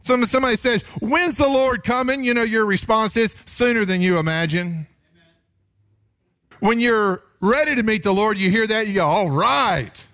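A male pastor preaching a sermon, his voice jumping up on points of emphasis. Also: normal speed. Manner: animated preaching, pitch rising sharply on emphasis.

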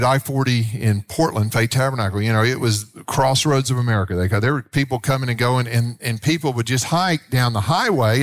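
A man, a pastor telling a story in a sermon in a folksy, animated way, acting out the voices of the people in it. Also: mid-range voice, dry recording.

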